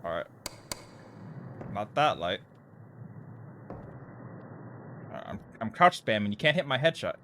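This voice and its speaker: A man's voice: on the low side, big pitch swings, a little slow, pauses often, noisy background. A man live-streaming a horror game, chatting with viewers and yelping and swearing when scared. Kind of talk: casual live-stream chat while playing a horror game.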